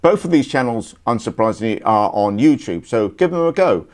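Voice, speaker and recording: A man's voice: mid-range voice, sing-song, normal speed. A British man co-hosting a casual political chat, joking and wry. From United Kingdom. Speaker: podcast co-host.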